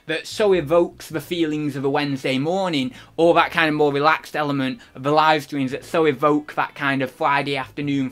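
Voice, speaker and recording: A man's voice: a little high, fairly bright tone. A man giving a casual, rambling channel review, full of fillers. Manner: rambling, chatty, many fillers. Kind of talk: casual vlog commentary.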